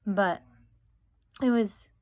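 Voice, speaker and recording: A woman's voice: medium pitch, very slow, darkish tone. A young woman vlogging, telling family stories in a chatty way full of fillers and acted-out quotes. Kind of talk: casual storytelling.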